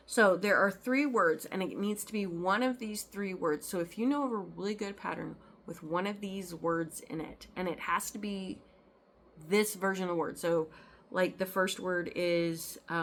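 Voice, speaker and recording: A woman hosts a cross-stitch vlog in a relaxed, meandering way. Her voice sits on the low side. She fills pauses with ums and restarts her sentences, and a faint background hum sits under her talk. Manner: rambling, full of ums and restarts. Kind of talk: casual chat.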